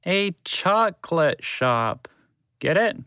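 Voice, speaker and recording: Brief: man voicing a giddy cartoon horse for a storybook podcast, high, bright voice, dry close sound. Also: slow, smooth, no echo, exaggerated voice. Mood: excited. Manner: excitable, jokey, high and bouncy. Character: unpredictable, playful male talking horse.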